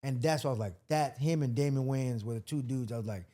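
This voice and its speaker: Comedian guest, mellow warm male voice, animated storyteller, casual podcast talk. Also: mid-range voice, fast talker. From Washington, D.C. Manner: storytelling, acts out quotes loudly.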